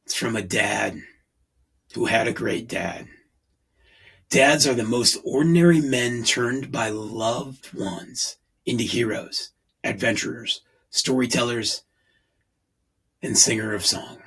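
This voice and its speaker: A man's voice: mid-range voice, takes it slowly, vocal fry, long pauses, a bit bright, breathy edge, poor audio. A man in his forties hosting a podcast, talking in an earnest, rambling way. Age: 40s. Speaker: podcast host. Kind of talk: casual podcast monologue.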